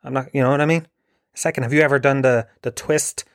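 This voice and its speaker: A man's voice: mid-range voice, steady tone, fast talker, dry recording, studio quality. An Irish man delivering a sweary, sarcastic, rambling comedic rant. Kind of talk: ranting comedic monologue.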